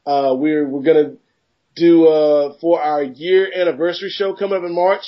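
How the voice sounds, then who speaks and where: A man co-hosting a casual sports podcast, joking and rambling through animated riffs. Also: fairly high pitch, normal speed. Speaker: podcast co-host. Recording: dull lo-fi podcast audio.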